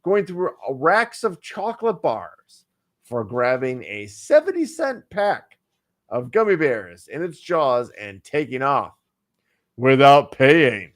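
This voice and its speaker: A man's voice: mid-range voice, big pitch swings, slow, fairly bright tone. A man co-hosting a casual online talk show, reading a news story aloud with hammy jokes, stumbles and asides. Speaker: podcast co-host.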